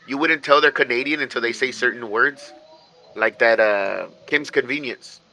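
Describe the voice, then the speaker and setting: Bright-voiced man in casual chat. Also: mid-range voice, rough recording. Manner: rambling, halting with restarts. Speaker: podcast co-host.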